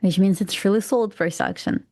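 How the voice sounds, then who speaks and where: Gravelly Russian-accented woman, dry. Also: mid-range voice, a little fast, dark tone, dry recording. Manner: pronounces every letter carefully. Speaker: trading stream co-host. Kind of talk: casual live-stream chat.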